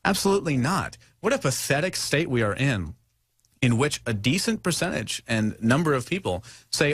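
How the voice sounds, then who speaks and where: Animated young man ranting on a talk show. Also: no echo, studio quality. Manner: rambling, mocking, mimics others in high voices. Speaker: show host.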